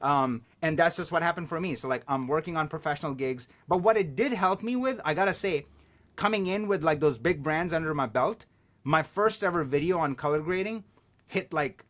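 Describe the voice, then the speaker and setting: A man talking as a podcast guest, telling stories in an animated way and swearing casually. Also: fairly high pitch, fairly quick. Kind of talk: casual chat.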